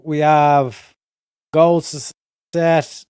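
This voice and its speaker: A man's voice: mid-range voice, normal speed, darkish tone, clean tone, dry recording, studio quality. A man from Europe hosting a live stream, rambling, swearing a lot and reading chat messages aloud. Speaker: livestream host.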